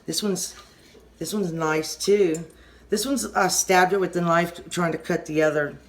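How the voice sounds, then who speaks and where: A woman's voice: on the low side, fairly even intonation. Rambling Southern woman in her kitchen. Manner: rambling, halting, often restarts sentences. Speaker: home cooking channel host. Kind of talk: casual kitchen how-to demonstration.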